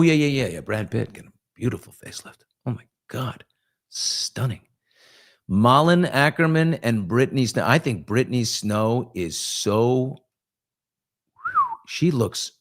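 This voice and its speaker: A man's voice: mid-range voice, expressive, a little slow. A man hosting a casual morning chat show, gossiping about celebrities in a chatty, loose way. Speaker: host.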